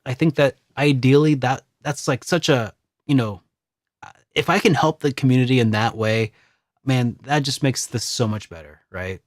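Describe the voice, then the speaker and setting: A man's voice: medium pitch, moderate pace, no echo, studio quality. A man co-hosting a casual video game podcast, talking in a rambling, hesitant way with many restarts. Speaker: podcast co-host.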